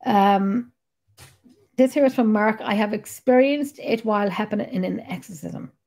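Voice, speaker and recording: A woman's voice: mid-range voice, normal speed, darkish tone. A middle-aged woman hosting a podcast. She talks in a rambling, chatty way and swears freely. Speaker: podcast host. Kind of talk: casual chat.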